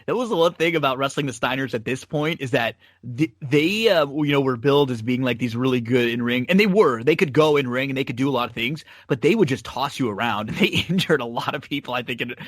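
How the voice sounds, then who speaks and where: A podcast host with a mid-range voice chats casually about old wrestling matches, talking quickly with hardly any pauses. He rambles, laughs often, and is full of fillers and restarts, recorded in studio quality with no room sound.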